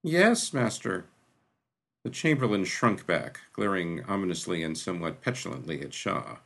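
A man narrating a fantasy story in a measured, dramatic reading. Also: sits low, very animated, gravelly, fairly bright tone, husky, poor audio. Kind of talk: audiobook narration.

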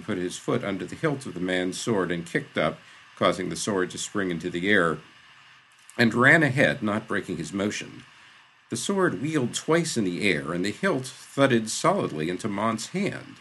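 A man narrates an adventure audiobook in a steady, descriptive way. His voice is very deep, with a gravelly, husky texture and a lively pitch range. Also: a little hiss or hum.

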